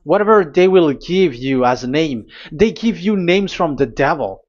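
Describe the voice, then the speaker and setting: A man preaching a teaching sermon at a board, pausing and repeating himself as he explains. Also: a little high, animated, dull audio. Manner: halting, repeats words, talks to a technician.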